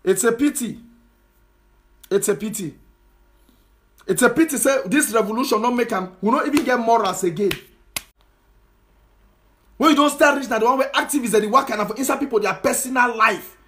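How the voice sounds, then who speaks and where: Speaking at a moderate pace with long pauses, a man with a very high-pitched, fairly bright voice delivers a passionate social media monologue. He's a political commentator with a Cameroonian Pidgin English accent, chiding his audience with repeated rhetorical questions.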